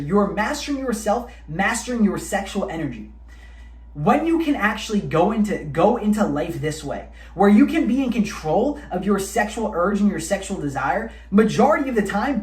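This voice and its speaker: A man's voice: high voice, darkish tone, distant mic. A man giving a motivational self-help talk to camera, emphatic and repetitive, with blunt profanity. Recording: roomy sound, speaker away from the mic.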